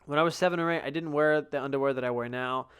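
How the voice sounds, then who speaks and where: A young man hosting a solo podcast, telling stories in a profane, animated way, sometimes sleepy and yawning. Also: a little high, fast, clean tone. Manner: profane, animated storytelling with loud outbursts. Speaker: podcast host. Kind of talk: casual solo podcast monologue.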